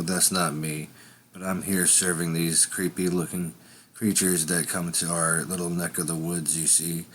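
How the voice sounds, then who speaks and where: A man's voice: deep voice, a bit bright, a little hiss or hum. A man telling an improvised first-person story in a rambling, conversational way. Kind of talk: improvised fiction narration.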